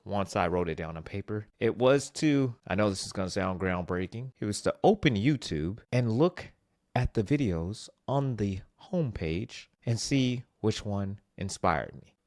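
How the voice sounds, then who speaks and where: A man presenting a scripted motivational vlog with self-help advice, animated and self-mocking, with playful asides. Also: on the low side, moderate pace, no echo, clean studio sound.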